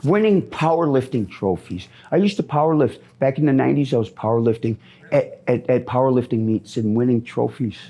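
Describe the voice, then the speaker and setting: A man's voice: mid-range voice, fairly quick, mellow. A middle-aged man from Minnesota answering interview questions on the street, rambling, repeating himself and often ending with "man.".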